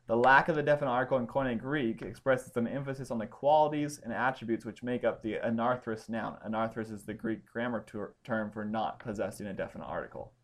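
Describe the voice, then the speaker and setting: A man teaching a Bible study class, explaining points step by step and pausing to check that his students follow. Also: mid-range voice. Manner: explanatory, checks understanding with questions.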